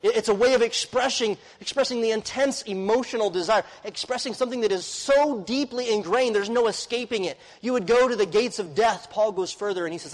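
A man preaching a sermon with earnest intensity, swinging from loud emphasis to hushed, quiet passages. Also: high-pitched, a little fast, few pauses, big-room sound, rough recording. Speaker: pastor.

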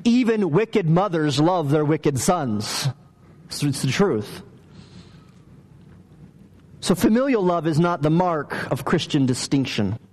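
A man's voice: fairly high pitch, animated, takes it slowly, long pauses, a little mellow. A man preaching a conversational sermon, telling stories and asking the listeners questions. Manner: conversational, story-driven preaching with asked questions. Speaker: pastor.

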